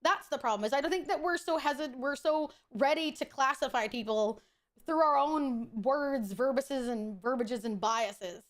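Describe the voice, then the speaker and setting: A high-voiced woman VTuber streamer chats casually as she plays a game, talking at a normal speed. She's blunt, profane and opinionated, saying exactly what she thinks without holding anything back.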